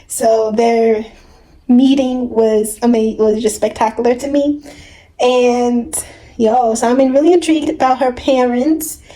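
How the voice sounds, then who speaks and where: High-voiced gushing young woman vlogger. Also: unhurried, poor audio. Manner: gushing, animated, hums and exclaims often. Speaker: book vlogger. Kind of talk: casual reading vlog chat. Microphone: camera mic.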